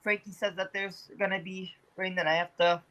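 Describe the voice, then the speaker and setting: A man's voice: high-pitched, flat delivery, moderate pace, pushed and bright, poor audio. A young man from Toronto chats loosely on a podcast as its weather guest. He rambles, stacking fillers and restarting his sentences. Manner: rambling, many fillers, laughs often. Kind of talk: casual podcast chat.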